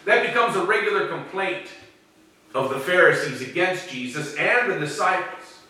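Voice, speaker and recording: A man's voice: high voice, animated, moderate pace, sharp tone. A man preaching a sermon in a dramatic way, acting out the voices he quotes. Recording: very echoey room, speaker far from mic.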